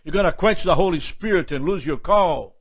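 A man's voice: on the high side, fairly quick, breathy edge, highs cut off. A male pastor preaching a sermon with impassioned repetitions and prayerful asides.

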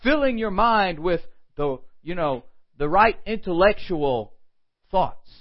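A man preaching a morning sermon, animated, with quoted asides and frequent rhetorical questions. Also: sits high, takes it slowly, dull audio. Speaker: pastor.

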